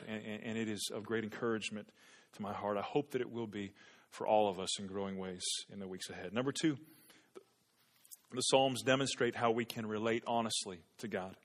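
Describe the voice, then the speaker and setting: A man's voice: on the low side, steady tone, brisk. A male pastor preaching an earnest sermon to his church, often repeating words as he builds emphasis. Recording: long hall reverb.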